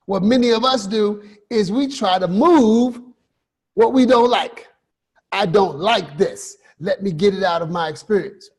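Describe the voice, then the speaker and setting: A man giving a motivational talk as a coach, emphatic, with repeated rhetorical questions and slow stressed phrases. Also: high-pitched, a little mellow, husky. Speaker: finance and life coach host.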